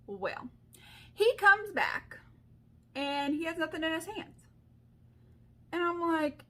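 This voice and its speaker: A woman in her thirties chats to her viewers in a casual storytime vlog. Her voice sits high and sounds bright. She tells the story in an animated way, full of likes, ums and asides. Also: slow pace, long pauses. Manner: animated, chatty storytelling with lots of fillers. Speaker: beauty vlogger.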